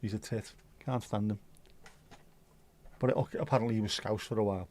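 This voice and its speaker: A man's voice: on the low side, fairly even intonation, a little fast, pauses often, dark tone. Chatty man hosting a livestream. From Liverpool, England. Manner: chatty, sweary, rambling banter. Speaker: livestream host. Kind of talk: casual chat reading viewer comments.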